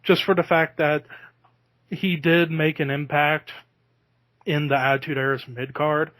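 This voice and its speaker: A man hosts a podcast in casual chat, chatty and quick to laugh. His voice sits a little high for a man and the sound is dry and close. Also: level tone, fairly bright tone, dry recording. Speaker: podcast host.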